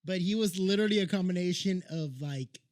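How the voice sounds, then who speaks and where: A man co-hosting a podcast, drunk, rambling excitedly and stammering through stories in casual chat. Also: high-pitched, brisk. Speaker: podcast co-host.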